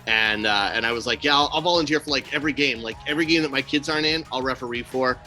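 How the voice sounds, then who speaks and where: A man's voice: mid-range voice, quick pace, soft background music. A man co-hosting a casual podcast, telling stories with acted-out quotes and blunt, swearing asides. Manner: animated storyteller, acts out quotes. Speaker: podcast co-host. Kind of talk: casual chat.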